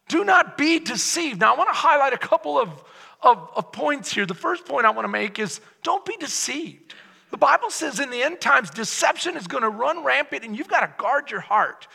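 Male pastor, sermon delivery, forceful and tense tone, gravelly edge, long hall reverb. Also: very high-pitched, sing-song, moderate pace. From Texas. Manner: emphatic, rhetorical, mock-quotes opponents. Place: church sanctuary.

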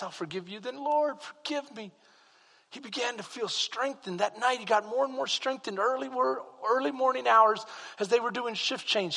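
Casting: high, bright-toned male preacher, impassioned, heard with long hall reverb. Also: vocal fry, breathy edge. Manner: impassioned preaching that rises to shouts. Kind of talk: sermon.

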